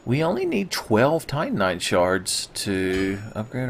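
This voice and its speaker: A man's voice: on the low side, very animated, a little slow, creaky, few pauses, slight background noise. A man giving casual, sarcastic commentary over his own gameplay, swearing often and cracking jokes. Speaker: gaming video host.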